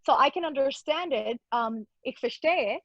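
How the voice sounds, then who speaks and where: A woman's voice: sits high, lively intonation, moderate pace, no echo. A woman guest in a casual interview, talking in an effusive, upbeat way and laughing often. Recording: dull lo-fi dry sound.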